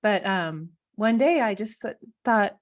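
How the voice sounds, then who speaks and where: With a mid-range voice, lively intonation and a measured pace, a host in her thirties from Washington state leads a relaxed interview, heard through lo-fi audio. Her talk is personal and sprinkled with fillers and restarts.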